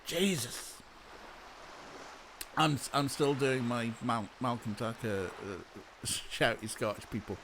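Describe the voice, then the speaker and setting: A man's voice: medium pitch, a little slow, noisy background. A man chatting casually as he streams a game, swearing and laughing at his own jokes. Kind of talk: casual let's-play commentary.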